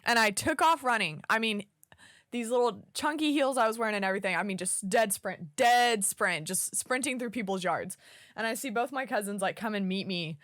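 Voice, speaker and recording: A young woman from Oklahoma co-hosting a podcast, telling a story in casual chat. She is an animated storyteller who swears casually. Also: mid-range voice, brisk, dry recording, studio quality. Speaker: podcast co-host.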